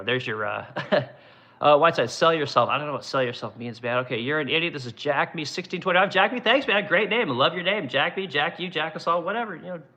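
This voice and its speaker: A man's voice: a little high, sharp tone, lo-fi sound. A man hosting his own show, ranting bluntly with constant swearing while reading and answering viewer comments. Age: adult, runs business ten years. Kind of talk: casual profane commentary.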